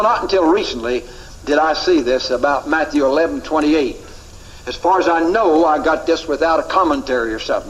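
Guy with a slightly high voice teaching bible class, emphatic, keeps repeating himself, asks the room questions. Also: rough recording.

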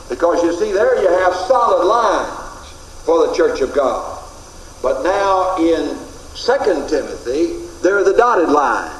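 A man's voice: on the high side, slight background noise. A man teaching a classroom Bible lecture in an earnest way, repeating his key points for emphasis. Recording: echoey room recording.

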